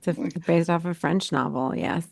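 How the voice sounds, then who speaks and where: A woman's voice: fairly low pitch, normal speed, creaky, a little mellow, no room sound. A woman co-hosting a horror podcast, sharing film facts in casual chat with dry asides. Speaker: podcast co-host.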